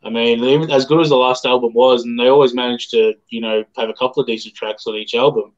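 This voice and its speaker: Man, Australian accent, co-host, thoughtful and hedging, mid pitch, slightly muffled lo-fi sound. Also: fairly even intonation, fast talker. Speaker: co-host, music reviewer. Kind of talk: casual live-stream chat.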